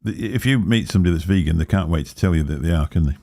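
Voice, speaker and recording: A man's voice: low voice, very fast, mellow, dry recording, clean studio sound. A middle-aged man co-hosting a casual livestream chat, rambling and correcting himself as he talks. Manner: rambling, self-correcting, chuckling. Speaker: co-host of a live vaping chat show.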